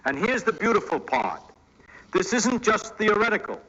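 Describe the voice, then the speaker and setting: A man's voice: high-pitched, sing-song, normal speed, bright, forceful tone, dull audio. A man narrating a science video in a scripted, explanatory tone. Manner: explanatory, upbeat teaching tone.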